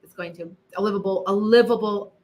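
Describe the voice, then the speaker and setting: A woman's voice: mid-range voice, fairly even intonation, a little fast, darkish tone. A middle-aged woman hosting a live psychic question session, talking emphatically and repeating herself, with chatty asides to viewers. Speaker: psychic livestream host answering viewer questions. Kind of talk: casual live-stream chat.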